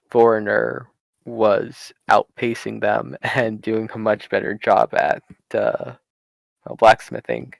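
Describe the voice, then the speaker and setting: A man narrating as game master in a tabletop game over voice chat, halting and full of fillers. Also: fairly low pitch, creaky, no room sound. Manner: halting, many fillers and restarts.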